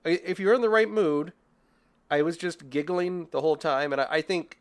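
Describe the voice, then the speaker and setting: Slightly high-voiced and speaking at normal speed, this young male podcast co-host chats casually about films. He rambles, puts himself down, and laughs frequently.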